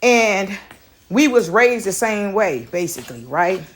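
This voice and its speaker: A woman's voice: mid-range voice, very animated, unhurried. Woman talking to her viewers, out of breath, chatty, says "right?" a lot. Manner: chatty, keeps asking "right?". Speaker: vlogger. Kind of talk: casual spiritual vlog chat. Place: in a house with her dog.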